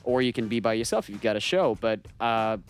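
A man's voice: fairly low pitch, animated, fairly quick, soft background music. A man hosting a radio talk show and doing stand-up, chatting casually in a rambling, joking way with many fillers.

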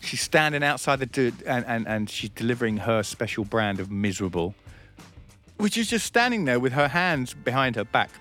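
Lively, laughing male radio host. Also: medium pitch, normal speed, soft background music. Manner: animated storyteller, laughs a lot, acts out grumpy locals. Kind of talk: casual comedic chat.

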